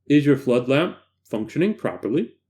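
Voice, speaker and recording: A man voicing a calm male lab doctor who asks formal, procedural questions over a radio link during a horror story reading. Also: mid-range voice, normal speed, lightly acted. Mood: clinical.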